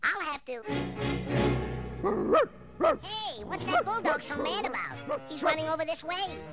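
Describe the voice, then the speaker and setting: A cheeky little woodpecker with a high, squeaky cartoon voice that leaps wildly up and down. He sounds excitable and boastful. Loud music plays under the vintage storybook record. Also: measured pace, exaggerated voice. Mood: flustered.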